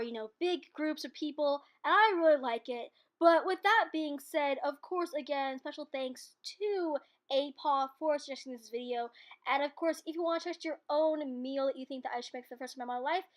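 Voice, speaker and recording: With a high, fairly bright voice, a woman records a voice-over for her cooking video on a computer mic at home. She rambles and chats, pokes fun at herself, and laughs a lot.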